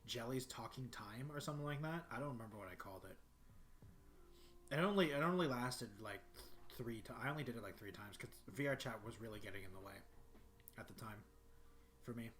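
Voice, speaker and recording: Young male streamer, mid-pitched, rambling casual chat, faint hiss behind. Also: fairly quick, pauses often, a bit bright. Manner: rambling, many fillers and restarts. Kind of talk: casual solo livestream chat. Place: bedroom.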